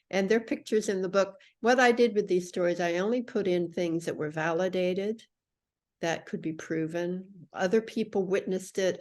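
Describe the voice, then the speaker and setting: A middle-aged woman guest on a podcast, telling a personal story with lively acted-out quotes. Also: lowish voice. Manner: animated storyteller acting out quoted voices.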